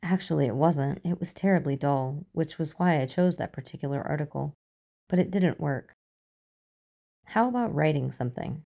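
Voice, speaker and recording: A woman reads fan fiction aloud in a slow, measured, calm storybook manner. Her voice is low and dark, with a creaky, gravelly texture. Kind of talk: storybook narration.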